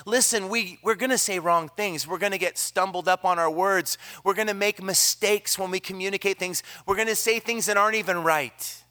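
Pastor guy preaching into a mic, kinda high bright voice, gets loud then goes real quiet. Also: moderate pace, few pauses. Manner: energetic preaching, swings from loud emphasis to hushed near-whisper. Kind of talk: sermon. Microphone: handheld or stand microphone.

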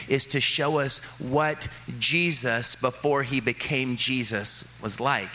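A male pastor preaching a sermon, telling stories about his kids with lively excitement and then settling into soft, earnest reflection. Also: medium pitch, unhurried, hardly any pauses, a little hiss or hum. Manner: animated storytelling, quoting his kids with rising excitement.

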